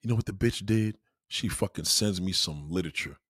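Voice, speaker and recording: A man's voice: sits low, fairly quick, a bit bright, breathy edge, no room sound, clean studio sound. A man ranting heatedly in a profane, repetitive monologue to his audience.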